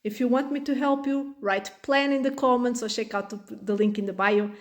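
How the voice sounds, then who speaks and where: A woman's voice: on the high side, steady tone, normal speed. A young adult woman, a parenting coach, talking straight to camera in a chatty way full of fillers. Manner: chatty, many fillers, acts out voices of child and parent. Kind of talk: direct-to-camera social media talk.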